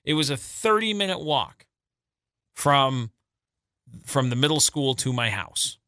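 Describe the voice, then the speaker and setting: A man's voice: mid-range voice, a little slow, clean tone, dry recording, studio quality. A man in his forties co-hosting a morning radio show, chatting casually and acting out the voices in his stories. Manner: animated storyteller, acts out voices in quotes. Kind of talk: casual on-air banter.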